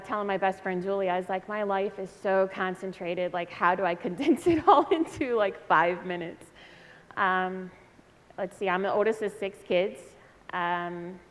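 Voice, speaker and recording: Chatty woman in her forties on a panel. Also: fairly low pitch. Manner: chatty, joking, laughs easily. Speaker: panel speaker. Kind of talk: personal testimony to an audience. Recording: reverberant hall.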